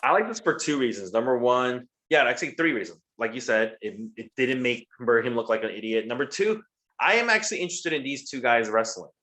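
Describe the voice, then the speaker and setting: A man's voice: medium pitch, animated, brisk, pushed and bright. A man co-hosting a casual show, recapping wrestling in a profane, rambling way. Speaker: podcast co-host.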